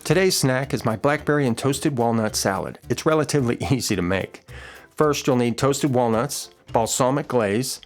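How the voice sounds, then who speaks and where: A middle-aged man hosting a podcast, casually walking through a recipe and telling a story in a relaxed, folksy way with filler words. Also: mid-range voice, moderate pace, faint music behind. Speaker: podcast host.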